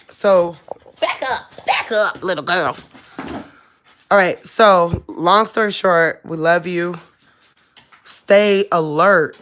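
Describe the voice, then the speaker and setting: Woman vlogging at home, slow easy drawl, chuckles a lot, relaxed chatty. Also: lowish voice, a little hiss or hum. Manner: laid-back, chuckling, loose everyday speech. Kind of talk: casual talk to camera.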